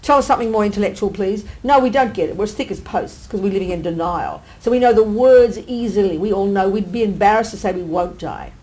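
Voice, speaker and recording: A nun giving a dharma teaching in a blunt, emphatic, colloquial way, full of rhetorical questions. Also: female voice, medium pitch, fast, hardly any pauses, darkish tone, rough recording. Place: meditation centre teaching hall.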